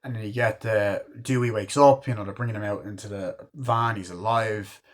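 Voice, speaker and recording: A man's voice: lowish voice, fairly even intonation, moderate pace. A man giving a casual, enthusiastic film review, rambling with lots of fillers and swearing freely. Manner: rambling, profane, lots of fillers like "you know" and "like"; enthusiastic fan. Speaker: movie reviewer.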